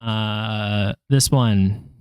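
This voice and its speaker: A man's voice: fairly low pitch, steady tone, very slow, clear, resonant tone, no echo, muffled recording. A young man in casual self-talk, sounding out syllables one by one and joking at his own mistakes to viewers. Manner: muttering syllables, self-deprecating jokes, chatting to viewers. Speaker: language learner vlogger. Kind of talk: casual self-talk while drilling flashcards.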